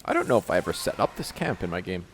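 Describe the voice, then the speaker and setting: Deep-voiced man making dry wisecracks. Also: big pitch swings, racing, a little hiss or hum. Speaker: co-host of a gaming show. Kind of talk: casual let's-play banter.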